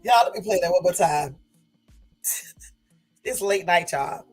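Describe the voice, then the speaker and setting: A woman's voice: lowish voice, lively intonation, unhurried, faint music behind, rough recording. Laughing woman in late-night chat. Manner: laughing, addresses viewers as y'all, rambling. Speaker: vlogger. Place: at home.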